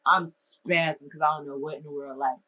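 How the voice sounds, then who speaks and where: Young woman from minnesota doing a storytime vlog, super animated, exasperated, lots of slang. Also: low-pitched, fairly quick, low-quality recording. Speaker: vlogger telling a story.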